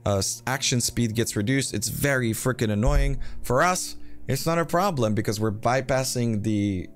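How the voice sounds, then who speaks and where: A man's voice: medium pitch, moderate pace, faint music behind. A man casually walking through a game character build, rambling with fillers and self-deprecating asides. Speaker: game build guide host. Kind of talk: casual gameplay guide commentary.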